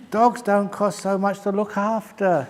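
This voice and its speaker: A man's voice: high-pitched, big-room sound. An older man, a Buddhist monk, answering retreat questions with jokes and laughing at his own punchlines. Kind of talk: humorous Q&A talk. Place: meditation retreat hall.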